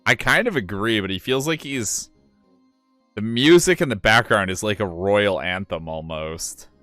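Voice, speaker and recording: Young man, low voice, animated, casual game chatter, dry close mic. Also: measured pace, no room sound, faint music behind. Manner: chatty, laughing, thinks aloud. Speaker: game streamer voicing characters.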